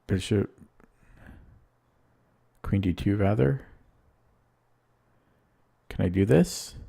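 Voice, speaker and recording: Man, chess streamer, live commentary, anxious, thinking aloud, slow, lowish voice. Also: gravelly, mellow, breathy edge. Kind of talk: live commentary while playing online chess.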